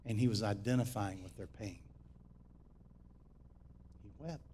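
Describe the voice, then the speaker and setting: A man preaching a sermon as pastor, shifting between shouted exhortation and quiet, close teaching. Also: fairly low pitch, a little slow, slight background noise.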